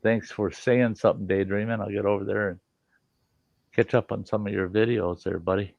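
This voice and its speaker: A man's voice: fairly low pitch, fairly even intonation, moderate pace, creaky, a little mellow, dry recording, highs cut off. An older grandfather hosting a livestream, telling rambling, profane stories and laughing as he chats. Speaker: livestream host. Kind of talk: casual storytelling chat.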